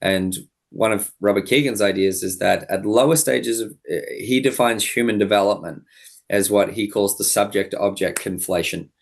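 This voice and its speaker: A man, a high-performance coach, guest on a podcast interview, explaining ideas reflectively with many fillers. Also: creaky.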